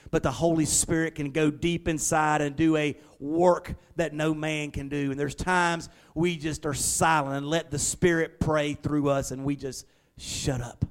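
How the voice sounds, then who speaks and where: Male pastor, forties; conversational sermon with drawn-out emphasis, a touch high-pitched. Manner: emphatic, with slowed dramatic stresses and acted-out prayers; folksy, conversational preaching with fillers.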